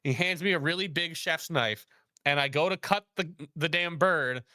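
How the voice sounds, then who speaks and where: Bright, animated man telling a story. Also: a little high, normal speed, no echo, studio quality. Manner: animated, laughs often, acts out quoted dialogue. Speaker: guest, chef. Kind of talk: casual storytelling chat.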